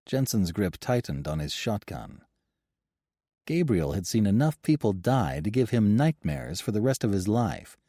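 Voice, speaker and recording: A man narrating an audiobook in an even storytelling delivery. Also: fairly low pitch, no echo, studio quality. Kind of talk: scripted narration.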